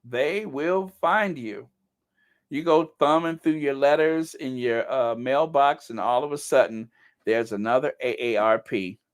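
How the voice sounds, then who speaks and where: A man's voice: mid-range voice, normal speed, clear, resonant tone. A middle-aged man hosting a casual live chat, reading viewer comments and joking at his own expense with mock-indignant outbursts. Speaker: channel host.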